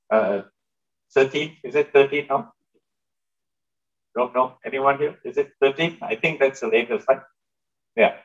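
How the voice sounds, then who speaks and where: A man's voice: mid-range voice, measured pace, long pauses, lo-fi sound. A male pastor giving a sermon in a conversational way, turning to the congregation with asides and questions. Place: church hall.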